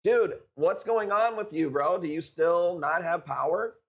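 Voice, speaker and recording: A man's voice: high voice, a little slow. A man in his forties chatting casually on a live stream as a coral seller, laid-back and profane, calling people dude and bro. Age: 40s.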